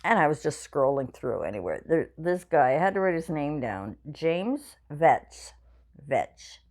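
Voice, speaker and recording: A woman's voice: low voice, sing-song, measured pace, darkish tone. A woman in her sixties vlogging from her home craft room, rambling and chatty with lots of fillers, tired and yawning as she talks. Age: 60s. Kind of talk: casual chat to viewers.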